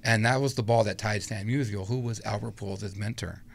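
A man's voice: fairly low pitch, a little fast, gravelly, a little hiss or hum. A middle-aged man telling a long personal story in a casual interview, acting out what people said. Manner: animated anecdote-telling with acted-out quotes. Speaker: guest storyteller.

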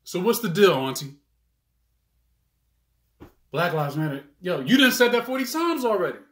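A man's voice: high-pitched, big pitch swings, moderate pace, fairly bright tone, roomy sound. A man acting a monologue in casual slang, bargaining with his aunt. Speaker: monologue actor. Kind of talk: theatrical monologue.

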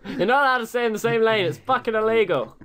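A man's voice: high voice, quick pace, a bit bright. A young man from England, joking and swearing through casual banter while playing a geography guessing game with a friend. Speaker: gaming video co-host.

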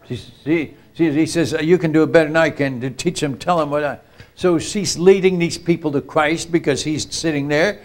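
Older male missionary preacher, slightly high voice, animated storyteller who acts out the characters and keeps checking in with the audience. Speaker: missionary speaker. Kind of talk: storytelling sermon. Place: retreat camp meeting.

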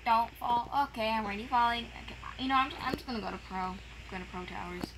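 A woman's voice: fairly high pitch, fast, heavy background noise. A woman gamer chatting casually while playing, frustrated and exclaiming, with dramatic complaints. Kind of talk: casual gameplay chat.

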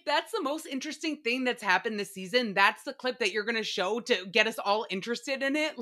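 A woman hosting a casual reality-TV recap podcast, ranting in an animated, profane way. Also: fairly high pitch, a little fast, few pauses. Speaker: podcast host.

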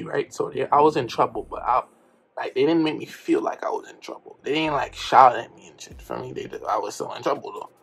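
A young man from New York telling a comedic storytime in slangy, animated speech with loud outbursts. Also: fairly high pitch, creaky, husky. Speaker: vlogger.

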